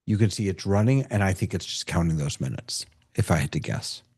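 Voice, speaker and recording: A man hosting a casual video call, excitable, laughing often and restarting his sentences. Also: low voice, fairly quick, husky. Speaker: host of a video-call tech meetup. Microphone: computer mic on a video call.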